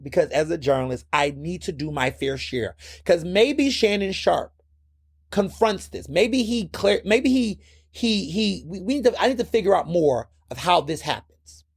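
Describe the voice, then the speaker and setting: A man's voice: high voice, vocal fry, husky, dry recording, clean studio sound. A man hosting his own podcast, giving blunt, impassioned solo commentary and repeating words when worked up. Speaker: podcast host.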